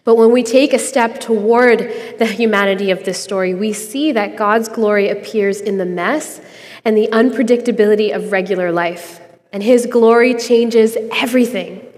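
A woman's voice: on the high side, in a large hall. A young adult woman hosting a podcast, giving an earnest, conversational devotional reflection and laughing easily.

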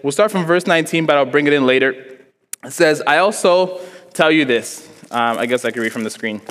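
A young man from Africa preaches to a congregation in a hall with a long, ringing reverb. He talks in a lively, joking way and puts on voices as he tells his story. His voice sits at a middling pitch. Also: fast talker. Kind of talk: sermon with storytelling. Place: church hall before a congregation.

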